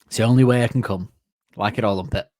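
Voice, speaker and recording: A man's voice: fairly low pitch, fast, mellow, no echo, clean studio sound. A man co-hosting a comedy podcast, laughing often and acting out silly cartoon voices as he picks apart song lyrics. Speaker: podcast co-host.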